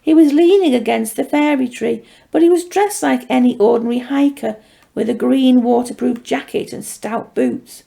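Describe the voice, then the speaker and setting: A woman author reading her own fantasy story aloud in a measured, steady way. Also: sits high, creaky. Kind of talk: storybook narration.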